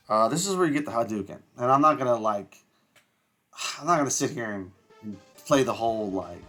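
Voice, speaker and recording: With a fairly low pitch, vocal fry, and a fairly bright tone, a man rambles through casual commentary as a gameplay streamer playing a video game. Fillers are frequent, and he swears mildly at times.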